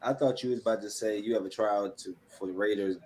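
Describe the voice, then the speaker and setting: A man hosting a casual podcast, teasing his guest and getting excited about a show. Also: on the low side, fast talker. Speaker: podcast host. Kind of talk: casual chat.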